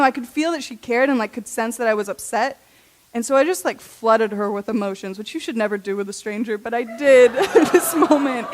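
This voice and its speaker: A young woman giving a personal testimony at a youth church service, chatty and self-deprecating, laughing often and saying "like" a lot. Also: sits high. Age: young adult. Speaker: junior high intern giving a talk.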